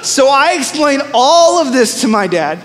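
A man's voice: extremely high pitch, measured pace, in a large hall. A man preaching a sermon as a pastor, telling stories with asides to the congregation. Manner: storytelling, animated with asides to the congregation.

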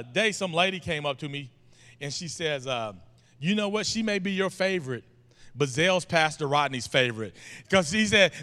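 A man's voice: fairly high pitch, clear, resonant tone. A man, a guest preacher opening his sermon with folksy, joking stories. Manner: folksy, joking, animated storytelling. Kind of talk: informal sermon introduction. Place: church sanctuary. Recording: long hall reverb of a church.

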